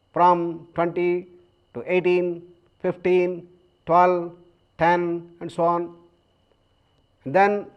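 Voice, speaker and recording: A man with an Indian English accent teaches yoga breathing in a calm, measured lecture. His voice sits a little high for a man, and he leaves long pauses between phrases. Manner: chants Sanskrit verses slowly.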